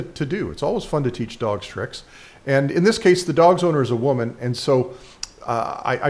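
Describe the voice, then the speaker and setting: A man hosting a dog training video, explaining a trick in a rambling voice-over with frequent fillers and restarts. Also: lowish voice.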